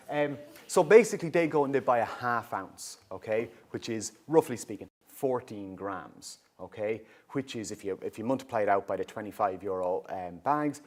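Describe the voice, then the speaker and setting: A middle-aged Irish man with a fairly low voice gives a public awareness talk on youth drug use. He explains in a lively, conversational way and keeps checking that the listeners follow him. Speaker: youth drug and alcohol service worker.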